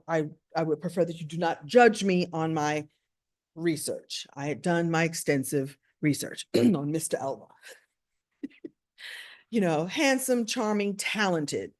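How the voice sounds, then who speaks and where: Woman, from the United States, storyteller, animated, playful, self-mocking. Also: fairly low pitch. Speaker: speaker and coach. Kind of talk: storytelling talk.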